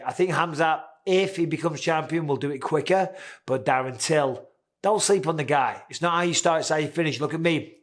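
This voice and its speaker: A man in his forties hosting a casual, candid sports commentary, chatty and swearing now and then. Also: a little high. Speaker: host.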